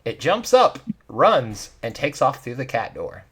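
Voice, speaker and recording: A man narrating as game master in a tabletop game over voice chat, animated and laughing often while he describes scenes. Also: medium pitch, measured pace. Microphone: online voice call.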